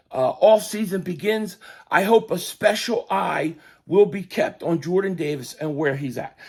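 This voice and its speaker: Hoarse fired-up guy doing fan sports rants, highish voice, kinda raspy. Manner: excitable, yelling and ranting. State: voice going hoarse. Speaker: sports podcast host. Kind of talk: fan commentary live stream.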